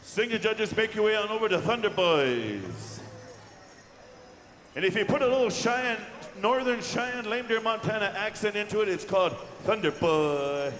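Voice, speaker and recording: A man working as pow wow announcer, calling out names slowly and drawing them out over a microphone in a large indoor arena. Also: sits high, lively intonation, fairly bright tone, a little hiss or hum. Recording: echoey arena PA from far off.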